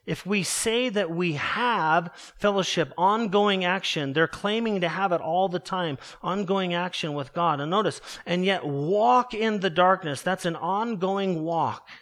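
A man preaching a sermon earnestly, slowing down and dropping his voice low to stress key words. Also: a bit bright. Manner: earnest preaching, slows and drops low for emphasis. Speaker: pastor.

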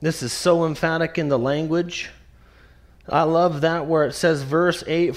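A man preaching an expository sermon, emphatic and repetitive, slowing down to stress the scripture he quotes. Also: fairly high pitch, steady tone. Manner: emphatic, repeats key phrases, slows to stress scripture.

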